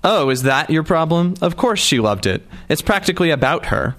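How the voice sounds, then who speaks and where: A man's voice: a little high, very animated, moderate pace, a bit bright, pitched above the performer's own voice. A male audiobook narrator voicing Anton, a mocking, self-assured man, in a teasing, sardonic manner.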